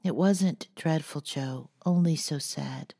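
A woman voicing a gentle, shy teenage girl who speaks softly and mildly, in an audiobook. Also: low voice, takes it slowly, slightly rough, heavily acted. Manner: soft, quiet and mild.

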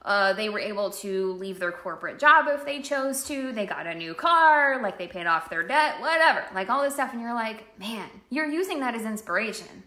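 A woman giving a chatty, animated live-streamed motivational talk as a network marketing coach, acting out people's inner voices. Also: fairly high pitch, brisk, few pauses, reverberant.

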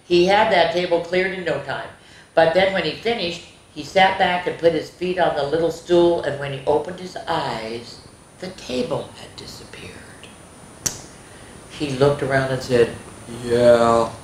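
A woman reading a spooky children's story aloud, expressive, with gasps and little asides to young listeners. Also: low voice, normal speed, slight background noise. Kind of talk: reading a spooky picture book aloud to kids. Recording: roomy echo.

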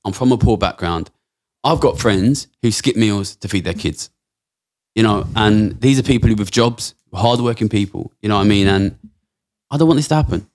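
A man's voice: lowish voice, normal speed, darkish tone. A man in his thirties from England, a podcast guest talking bluntly and passionately, swearing a lot. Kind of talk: casual interview talk.

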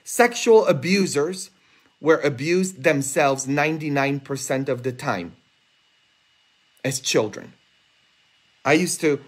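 A man preaching a homily, earnest and emphatic, rising high and intense for rhetorical questions. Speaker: priest. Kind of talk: sermon. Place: church, livestreamed.

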